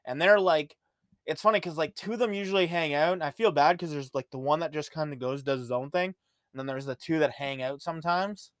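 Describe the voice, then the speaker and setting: A man's voice: fairly high pitch, brisk, a bit bright, no echo, studio quality. A man hosting a podcast, rambling through casual, profane stories in a laid-back way. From Ontario, Canada. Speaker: podcast host. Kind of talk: casual monologue.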